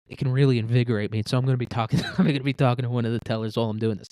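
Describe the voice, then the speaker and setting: A man's voice: medium pitch, fairly even intonation, rapid-fire, few pauses, a little mellow, dry recording. A man hosting a comedy podcast, rambling through a crude, joking hypothetical monologue. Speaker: podcast host.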